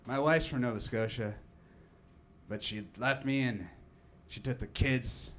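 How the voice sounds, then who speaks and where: A strip club doorman who gives a pushy sales pitch, then slides into a mopey, heartbroken confession, as a man quotes him in a stand-up bit. The voice stays close to an ordinary man's. He speaks in the plain way of a stand-up story. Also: unhurried, a bit bright, slight background noise, natural voice.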